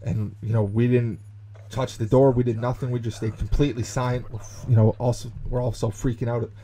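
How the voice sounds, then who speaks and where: A young adult man, a gaming YouTuber, telling a childhood story in animated, chatty commentary with lots of fillers. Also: mid-range voice, brisk. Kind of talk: storytelling commentary over gameplay.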